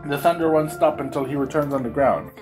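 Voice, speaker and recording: A man voicing a worried village elder who begs the ruler for help, sinking low and quiet on each formal address. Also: brisk, over music, natural voice. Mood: pleading. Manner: drops low and quiet on every "Your Grace".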